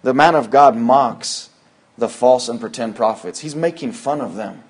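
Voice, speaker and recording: A man preaching a sermon, moving between loud, high-pitched emphatic lines and low, quiet asides. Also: unhurried, slightly rough. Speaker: pastor.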